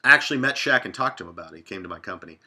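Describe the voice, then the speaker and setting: Blunt bright-voiced man talking sports. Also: low voice, animated, racing. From Dallas, Texas. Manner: blunt, profane, rambling. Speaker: sports betting host. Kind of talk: casual sports talk monologue.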